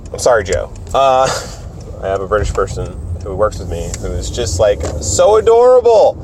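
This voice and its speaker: A man's voice: sits low, normal speed, a little hiss or hum. A man hosting a podcast in a casual, rambling way, swearing often and poking fun at himself. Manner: rambling, swears a lot, self-mocking. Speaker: podcast host. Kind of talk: casual solo podcast chat.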